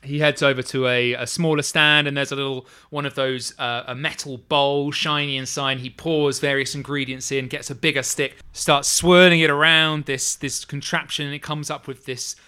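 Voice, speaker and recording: A man's voice: medium pitch, level tone, normal speed, few pauses, bright, forceful tone, clear, resonant tone. A man narrating as game master of a tabletop game, rambling with fillers and restarts.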